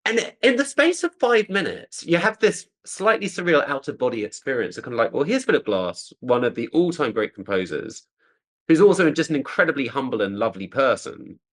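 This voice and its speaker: A man, a composer, telling lively anecdotes in an interview and acting out quoted voices. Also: medium pitch, fairly quick. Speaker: composer guest. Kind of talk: conversational interview storytelling.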